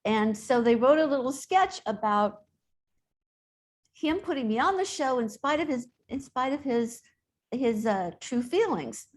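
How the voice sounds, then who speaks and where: In a casual interview, a middle-aged woman guest chats and tells stories, laughing frequently. Her voice is high and expressive, and she speaks a little slowly.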